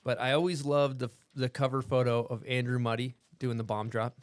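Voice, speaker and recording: A man's voice: mid-range voice, fairly quick, smooth, dry recording. Chill podcast host guy, upbeat, lots of uhs. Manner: relaxed, upbeat, uses filler words. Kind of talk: casual chat.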